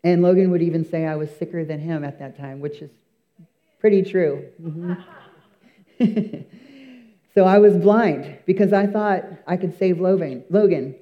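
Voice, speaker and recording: A man's voice: sits high, measured pace, pauses often, phone-quality sound. A man giving an earnest, emphatic church testimony, telling his story with many fillers and restarts.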